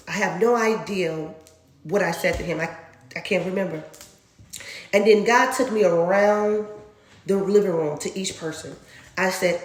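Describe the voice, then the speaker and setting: A woman from Dallas, telling a personal faith testimony in a lively way, acting out sounds and laughing often. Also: on the low side. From Dallas, Texas. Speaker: storyteller sharing a faith testimony. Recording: roomy echo.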